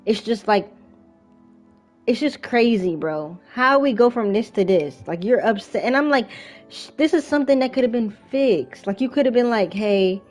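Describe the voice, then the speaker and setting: A woman's voice: fairly high pitch, expressive, moderate pace, a little mellow, soft background music. A young woman vlogger casually telling a rambling story from her workday, full of fillers and restarts. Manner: chatty, rambling, frequent fillers. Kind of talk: casual storytime while playing a game.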